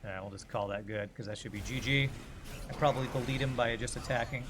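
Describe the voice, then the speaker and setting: This game streamer has a medium-pitched voice and a flat, fast delivery, heard over music. He chats casually about his play and trades jokes with his chat in between moves.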